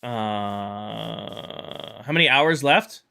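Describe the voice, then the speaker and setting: Bright-voiced chatty male streamer. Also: on the low side, expressive, drawn-out words, vocal fry, clean tone. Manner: chatty, sarcastic, addresses chat directly. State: tired at end of long stream. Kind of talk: casual livestream chat.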